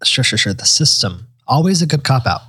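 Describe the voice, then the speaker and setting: A man's voice: medium pitch, very animated, sharp tone, slightly rough, no echo, clean studio sound. A man in casual chat, reacting playfully and joking along. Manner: playful, reacts with quick comments and jokey bits.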